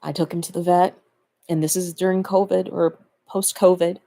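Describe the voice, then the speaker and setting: A woman's voice: on the low side, level tone, moderate pace, vocal fry, warm tone. A woman talking casually to the camera, reflecting fondly and laughing between her thoughts. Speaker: vlogger.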